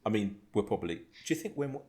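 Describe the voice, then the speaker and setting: A man's voice: fairly low pitch, lively intonation, quick pace, mellow. A man from England, hosting a podcast in casual chat, laughing and swearing as he reads out group chat messages. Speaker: podcast host.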